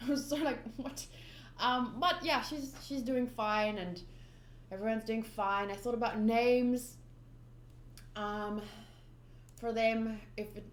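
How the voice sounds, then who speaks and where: A woman's voice: on the high side, a little hiss or hum. Chatty young woman in an echoey room. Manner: rambling, lots of ums, giggly asides. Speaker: manga reader and channel host. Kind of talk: casual chatty readthrough. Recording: roomy echo.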